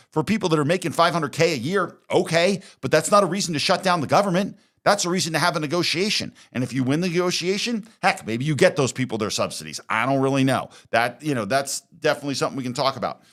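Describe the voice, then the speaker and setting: A man's voice: fairly high pitch, fairly bright tone. A man hosting a political talk show, speaking from New Mexico, arguing his points emphatically and often repeating words as he builds up. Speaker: podcast host. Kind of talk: political commentary chat.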